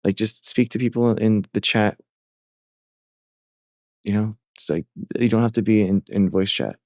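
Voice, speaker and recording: A man's voice: on the low side, measured pace, darkish tone, dry recording, clean studio sound. A man hosting a live call-in stream, talking casually with callers, often stumbling and repeating words. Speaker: livestream host taking callers.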